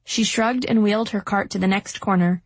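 A woman reads a first-person novel aloud in a steady, even way. Her voice has a husky, breathy edge. The close studio mic is very dry. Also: medium pitch, fairly quick, dry recording. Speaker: audiobook narrator. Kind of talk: first-person audiobook narration.

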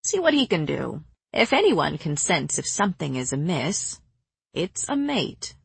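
A woman voicing an ancient female healer who speaks slowly with blunt, quiet firmness. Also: low voice, sing-song, gravelly, breathy edge, no room sound, heavily acted. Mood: grave. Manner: slow, measured, quietly firm.

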